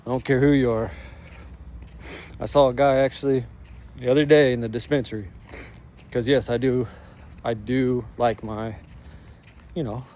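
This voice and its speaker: A man's voice: mid-range voice, darkish tone, a little hiss or hum. Candid, emotional man. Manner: candid, heartfelt, swears freely, many fillers. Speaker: vlogger sharing his recovery. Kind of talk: emotional personal vlog. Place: outdoors in sun and breeze.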